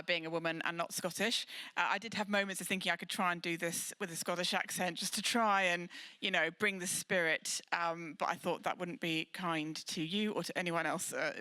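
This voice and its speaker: A woman, a government official, giving a speech at a business event, warm and self-deprecating, partly reading from notes. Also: fairly low pitch, no room sound. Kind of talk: public speech. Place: event hall.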